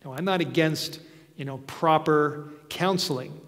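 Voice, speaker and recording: Male preacher, slow deliberate sermon delivery, slightly high voice, long hall echo. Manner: slow, earnest storytelling with soft asides.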